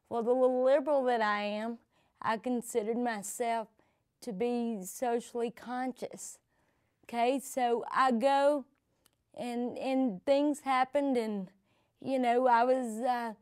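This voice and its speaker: Smooth-voiced woman telling her story. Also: a little high, a little mellow, no echo, clean studio sound. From American South. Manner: conversational storytelling with many restarts and "you know". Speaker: oral history interviewee. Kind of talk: personal storytelling interview.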